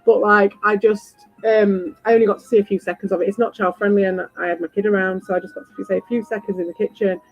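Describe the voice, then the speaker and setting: A woman streamer in a casual ranting chat, animated, swearing freely and repeating herself. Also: mid-range voice, quick pace, few pauses, dull audio, faint music behind. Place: home.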